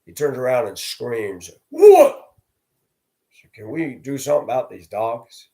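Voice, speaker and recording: A middle-aged man from Denver telling personal stories in a casual monologue, acting out the quoted voices and getting loud in the tense parts. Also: mid-range voice, expressive, moderate pace. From from Denver area. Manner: acts out quoted voices, rising loud for confrontations.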